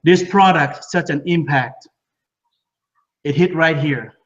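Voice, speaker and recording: Distant, muffled man pitching with excitement. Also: slow pace. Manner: repeats words, broken English phrasing. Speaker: speaker at a home business party. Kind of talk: enthusiastic sales pitch. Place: living room of a home party.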